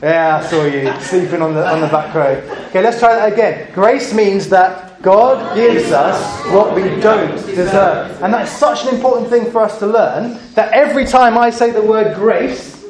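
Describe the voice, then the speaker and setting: A high-pitched man leads a children's talk in church, playfully coaxing everyone to join in. His voice rings around an echoey church room. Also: a little fast, few pauses, a crowd in the background. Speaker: preacher.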